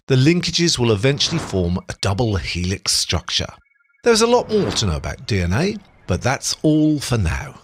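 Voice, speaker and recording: A man giving scripted educational narration, explaining biology in a measured way. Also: mid-range voice, no room sound.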